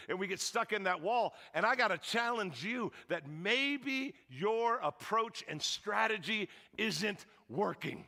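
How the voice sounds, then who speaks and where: A man preaching a sermon as a pastor, telling a story in an animated, joking way and acting out the lines of the people in it. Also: sits high, a little slow, few pauses. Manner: animated, joking, acts out quotes. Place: church hall. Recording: long reverb of a large hall.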